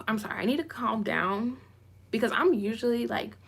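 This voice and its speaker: Woman vlogger, lively commentary, bright forceful tone, slightly high, emphatic repeats. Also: measured pace, creaky, husky. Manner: self-described goofy. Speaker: YouTuber. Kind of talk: live commentary reading comments.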